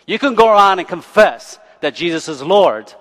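Joking pastor in a reverberant church. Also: male voice, high voice, moderate pace. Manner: animated and joking, checks in with "okay?" and "right?". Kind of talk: sermon. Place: church sanctuary. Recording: long church hall reverb.

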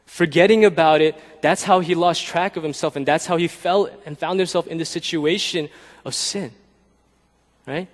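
A man preaching a sermon as pastor, talking in a conversational way and often checking in with the listeners with a quick "right?". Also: on the high side, steady tone, long reverb tail. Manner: conversational, keeps asking "right?".

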